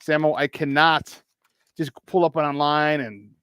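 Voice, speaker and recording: A man hosting a morning sports talk show, chatty, joking and easily excited about his team. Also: fairly high pitch, unhurried, clean tone, dry recording, clean studio sound.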